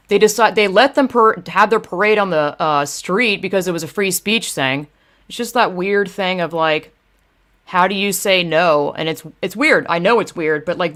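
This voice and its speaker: A young woman rants on a casual livestream, swearing often and sounding thoroughly exasperated. She keeps talking to her chat while fumbling through her phone, her voice sitting at an ordinary middle pitch. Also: fairly bright tone. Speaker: video creator ranting to live chat.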